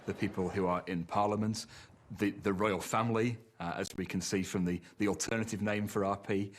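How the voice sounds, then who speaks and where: Really deep voiced guy, expert in an interview, slow and measured with lots of uhs. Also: steady tone. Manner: measured, with frequent hesitations. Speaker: language expert. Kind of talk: explanatory interview.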